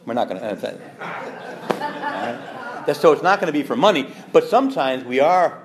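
A man, a priest, teaching fellow preachers in a lively storytelling way, acting out quoted voices and laughing along. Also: fairly high pitch, normal speed, long pauses. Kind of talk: teaching talk to clergy with anecdotes.

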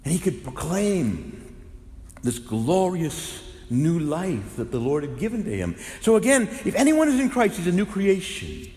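A man speaking a little slowly but very animatedly, in a fairly high voice, preaches as a Catholic priest with fervent intensity, building to loud exclamations. His sermon echoes through a large church, captured with roomy hall reverb.

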